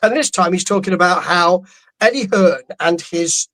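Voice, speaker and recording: A man's voice: high voice, normal speed, a bit bright, rough recording. Rambling, amused male podcast co-host. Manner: rambling, amused, stumbles and restarts. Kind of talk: casual boxing podcast chat.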